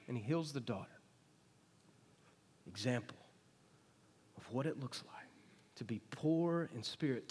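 A man's voice: on the high side, a little mellow. A man preaching a sermon to a congregation, talking it through in a conversational way and often asking the people questions. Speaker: pastor. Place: church sanctuary. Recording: long reverb of a church hall.

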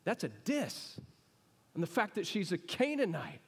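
A pastor preaching, his voice sitting a touch high for a man. He keeps it conversational and keeps asking the congregation questions. The sound carries the long reverb of a church hall. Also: huge pitch swings, measured pace, breathy edge. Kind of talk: sermon. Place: church sanctuary.

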